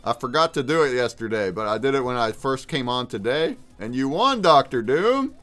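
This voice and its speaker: A man's voice: medium pitch, big pitch swings, normal speed, fairly bright tone, faint music behind. Hyped male livestream host. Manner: hyped, calls out chatters by name. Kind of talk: casual livestream chat.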